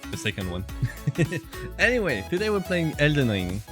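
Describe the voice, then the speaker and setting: A man's voice: a little high, very animated, normal speed, over music. A man streaming a video game, chatting casually with viewers, reading their comments and laughing often. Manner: chatty, laughs often, reads chat aloud.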